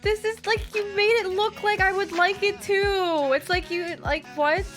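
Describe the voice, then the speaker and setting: A woman's voice: extremely high pitch, steady tone, a little slow. A young woman streaming live, gushing and exclaiming as she thanks her viewers. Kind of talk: excited livestream chat with viewers. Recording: loud background music.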